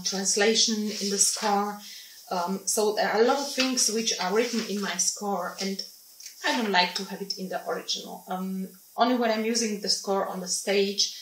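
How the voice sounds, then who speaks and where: A woman, a singing teacher, explaining in halting, phrasing with many pauses and restarts. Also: mid-range voice, fairly bright tone, a little hiss or hum. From Slovakia. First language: Slovak. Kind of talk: informal teaching talk. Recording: roomy sound from a distant mic.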